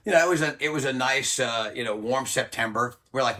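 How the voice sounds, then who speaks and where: A man's voice: medium pitch, fairly quick, few pauses, sharp tone. A man, telling a story bluntly in a casual interview, swearing freely and acting out what others said. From United States. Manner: blunt, profane, acts out quoted voices. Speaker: interview guest, former Army Ranger.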